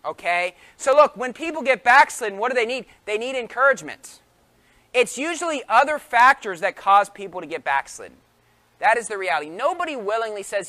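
A male preacher delivers a sermon with a high-pitched voice. He talks emphatically and keeps asking his listeners rhetorical questions. His tone is bright and forceful. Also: sing-song, a little fast.

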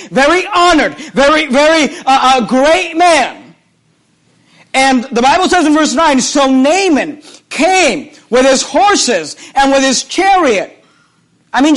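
A man preaching a sermon, reading scripture aloud and retelling it with animated, repeated phrases that swing between loud and hushed. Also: extremely high pitch.

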